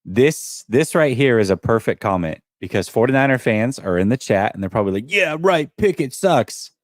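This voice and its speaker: Brief: laid-back male co-host, a bit low-pitched, laughs easily, dry sound. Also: fairly quick, no echo. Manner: laughs often, easygoing. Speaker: podcast co-host. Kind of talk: casual sports chat.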